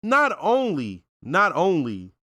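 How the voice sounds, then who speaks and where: A man's voice: sits high, takes it slowly, dry recording, studio quality. Slangy man giving casual commentary. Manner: casual slangy talk, reflective and animated. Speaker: show reaction reviewer.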